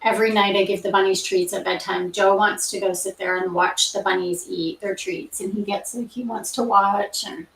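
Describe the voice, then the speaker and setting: Middle-aged canadian woman rambling softly, kinda distant from the mic, roomy echo. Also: mid-range voice, fairly even intonation, moderate pace, few pauses. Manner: soft, rambling storytelling with many fillers. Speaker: nursing grad student, study-with-me host. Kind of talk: casual chat during a study session. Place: home room.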